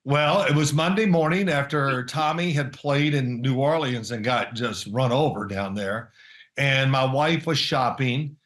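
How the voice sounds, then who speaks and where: An older man, a former football player being interviewed, telling stories in a lively, chatty way and laughing often. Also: mid-range voice, unhurried, echoey room. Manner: animated storyteller, mimics others, laughs often. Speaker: guest, former NFL quarterback and analyst. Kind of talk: casual remote interview.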